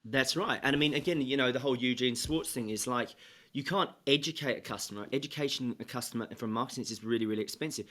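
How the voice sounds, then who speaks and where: Guy on a podcast interview, explains slowly with lots of "you know", middle-aged. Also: medium pitch, a bit bright. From England. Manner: measured, explanatory, with many fillers. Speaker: podcast guest, sales trainer. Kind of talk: interview conversation.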